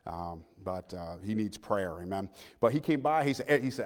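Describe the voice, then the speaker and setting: A man in his thirties preaching a personal sermon in a church, earnest, moving between loud appeals and hushed, quiet passages. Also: lowish voice, lively intonation, a little fast, few pauses. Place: church sanctuary. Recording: long church hall reverb.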